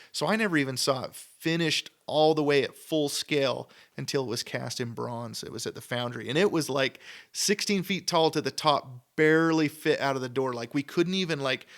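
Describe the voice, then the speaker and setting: A man's voice: mid-range voice, fairly quick, fairly bright tone. A man from Idaho, a sculptor telling stories on a podcast in a rambling, enthusiastic way, full of "like" and quoted back-and-forth. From Idaho, USA. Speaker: guest sculptor. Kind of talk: casual podcast storytelling. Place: podcast studio.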